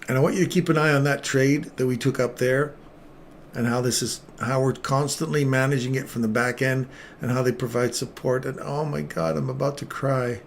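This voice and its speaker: A middle-aged man giving excitable, self-mocking live commentary on his own trades as he makes them. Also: medium pitch, moderate pace, creaky, slight background noise.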